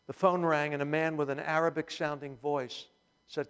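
Animated male pastor preaching in a reverberant hall. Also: a little high, brisk, smooth. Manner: animated storytelling with humor. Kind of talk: sermon.

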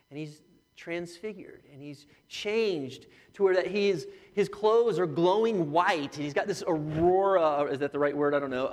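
Animated man preaching in a reverberant hall. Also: high-pitched. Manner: animated, joking asides, acts out voices. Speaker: pastor. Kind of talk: sermon.

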